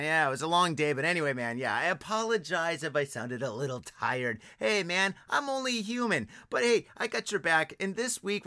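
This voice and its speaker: A man hosting a podcast in casual chat, excitable and profane, who laughs often. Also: fairly high pitch, dry recording, studio quality. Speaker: podcast host.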